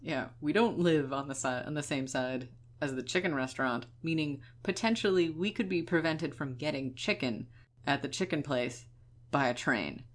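A woman's voice: sits low, normal speed. A young adult woman co-hosting a podcast in casual chat, joking and laughing often. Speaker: podcast co-host.

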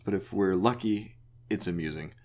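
A young adult man co-hosting a podcast in casual chat, trading deadpan wisecracks. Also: sits low, normal speed. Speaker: podcast co-host.

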